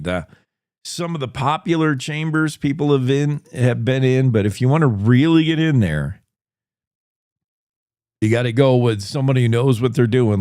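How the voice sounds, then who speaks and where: Slow, rambling male talk-show host. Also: medium pitch, darkish tone, no echo, studio quality. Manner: rambling, chatty, thinks aloud with restarts. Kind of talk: casual news chat.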